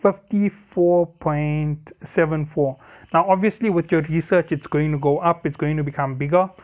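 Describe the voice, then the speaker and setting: Man explaining a ship build, slightly high voice. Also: steady tone, moderate pace, muffled recording. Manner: explanatory, self-correcting, apologetic asides. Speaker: game guide creator. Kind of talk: casual game build walkthrough.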